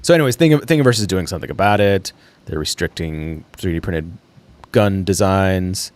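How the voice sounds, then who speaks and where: Rambling low-voiced man on a livestream. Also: animated, moderate pace. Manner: rambling, thinking aloud with fillers and laughs. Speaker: livestream host. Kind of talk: casual solo livestream commentary.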